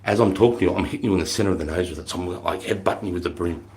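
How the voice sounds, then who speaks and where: Profane deep-voiced Australian man. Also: rapid-fire, slight background noise. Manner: blunt and profane, bursts into shouted drill-sergeant quotes. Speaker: former army recruit instructor. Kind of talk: casual livestream storytelling.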